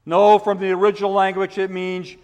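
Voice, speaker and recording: A man preaching a sermon, asking rhetorical questions and building to forceful emphasis. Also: high-pitched, completely flat delivery, fairly quick, big-room sound. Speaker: pastor.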